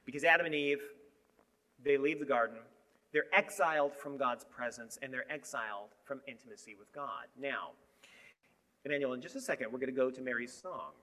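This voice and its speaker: A man preaching a sermon, animated, moving between emphatic lines and hushed asides. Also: mid-range voice, fairly quick.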